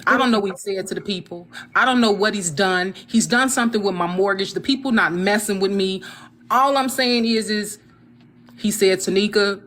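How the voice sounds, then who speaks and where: A woman giving a casual testimonial, telling her story in an animated way and quoting what others said to her. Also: mid-range voice, moderate pace, slight background noise. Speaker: guest sharing her experience.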